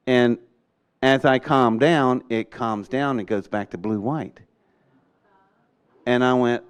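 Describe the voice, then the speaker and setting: An older man, telling a story in an animated way and acting out the voices in his quotes. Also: mid-range voice, a little slow, smooth. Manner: acts out voices in quotes, excitable, laughs often. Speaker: storyteller recounting an experience.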